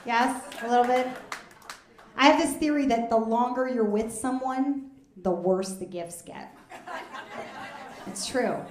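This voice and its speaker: Deadpan woman doing stand-up in an echoey room. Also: fairly high pitch, a little slow, pauses often. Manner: deadpan, conversational, drops into asides. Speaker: stand-up comedian. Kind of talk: stand-up comedy set. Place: stage at a live comedy fundraiser. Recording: echoey room with loud audience noise.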